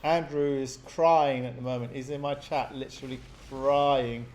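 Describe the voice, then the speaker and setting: Excitable man casting a game live. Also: mid-range voice, normal speed, slight background noise. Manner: excitable, chatty, laughs often. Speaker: game caster.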